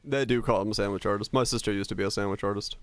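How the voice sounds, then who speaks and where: A man's voice: lowish voice, fairly even intonation, very fast, dry recording. A young man streaming live, chatting casually with viewers, ranting and swearing freely as he talks.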